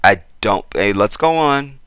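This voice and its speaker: A man's voice: lowish voice, animated, unhurried, a bit bright, smooth, dry recording. A man hosting a casual commentary video, talking straight to his viewers and getting worked up as he repeats himself. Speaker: channel host.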